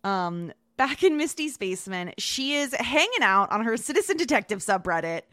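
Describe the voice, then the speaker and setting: A woman co-hosting a podcast, recapping a TV episode in casual chat with quick asides. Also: a little high, big pitch swings, a bit bright, no echo, clean studio sound. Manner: chatty, quick asides with laughs. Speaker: podcast co-host.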